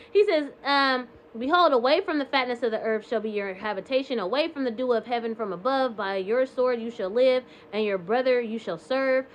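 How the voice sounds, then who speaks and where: A woman's voice: a little high, a little hiss or hum. A woman casually retelling scripture passages in her own words, with lots of "like" and "um", slipping between quoting and paraphrasing. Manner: chatty paraphrase with frequent "like" and "um". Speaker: Bible reading vlogger.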